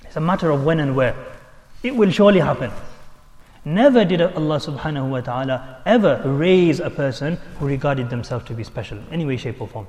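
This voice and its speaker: Male preacher, slightly high voice, emotive storyteller, long hall reverb. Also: lively intonation, fairly quick, a little mellow. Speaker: Islamic preacher. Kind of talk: sermon storytelling.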